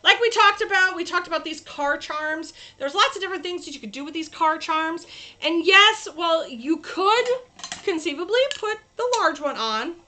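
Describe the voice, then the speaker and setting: Bright-voiced, chatty crafting host woman. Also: extremely high pitch, lively intonation, moderate pace. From New York State. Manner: chatty, demonstrating crafts to camera. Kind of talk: casual livestream chat.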